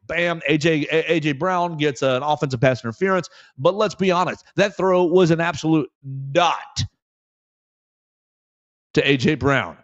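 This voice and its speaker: A man hosting a sports talk show, giving solo commentary in an animated way and repeating phrases for emphasis. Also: fairly high pitch, dry recording, highs cut off.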